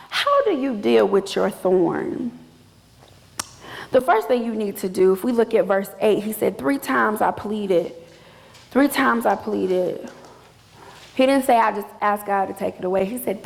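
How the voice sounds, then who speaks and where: High gravelly woman preaching in a hall. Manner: emphatic preaching with dramatic repetition. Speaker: minister. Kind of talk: sermon. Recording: echoey hall with long reverb.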